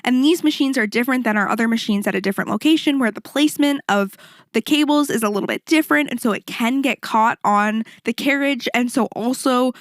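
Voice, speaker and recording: A woman hosting a podcast and telling a story in a casual, animated, rambling way, swearing freely and throwing in quick asides. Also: on the high side, no echo, clean studio sound. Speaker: podcast host and fitness instructor.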